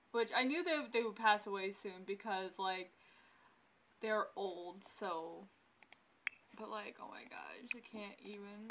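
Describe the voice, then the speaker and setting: A woman's voice: medium pitch, fairly bright tone, a little hiss or hum. A young woman giving casual let's-play commentary, chatty and exclaiming often at what happens in the game. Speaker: gameplay commentator.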